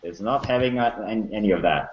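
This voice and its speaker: A man narrating a tabletop game as game master, calm and descriptive with some fillers, on a muffled lo-fi recording. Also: on the low side, fairly quick.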